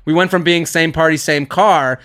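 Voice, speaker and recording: A young man with a fairly high voice hosts a comedy podcast. He reads listener emails aloud in a mocking voice and gives advice, animated and quick to laugh. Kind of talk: casual comedic podcast chat.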